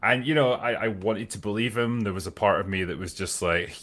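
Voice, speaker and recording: Scottish male panelist, low pitch, forceful edge, dry self-mocking delivery. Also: a little fast, few pauses. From Scotland. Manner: dry, self-deprecating humor. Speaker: guest panelist, film critic. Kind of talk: casual panel chat.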